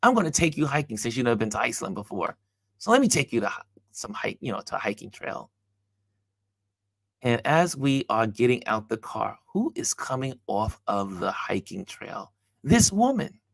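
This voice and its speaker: A man with a gravelly, creaky voice hosts a motivational talk, telling a personal story with lively, acted-out dialogue. The recording is close and dry, with no room echo. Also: medium pitch, moderate pace. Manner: animated storyteller acting out dialogue. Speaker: host.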